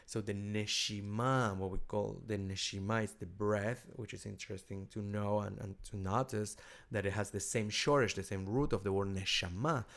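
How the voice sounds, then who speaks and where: This middle-aged rabbi and cantor, Argentine Spanish in accent, gives a casual teaching talk. His lowish voice is creaky and a bit bright, with fairly even intonation, and he halts often, restarting with repeated words.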